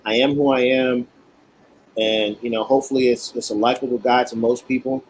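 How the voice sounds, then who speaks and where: A man of middle pitch, a cigar-maker guest, tells stories in a lively, animated way. He voices other people's words as he recounts them. A faint background hiss sits under his voice. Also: brisk, low-quality recording. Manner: animated, acts out quotes. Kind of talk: casual storytelling.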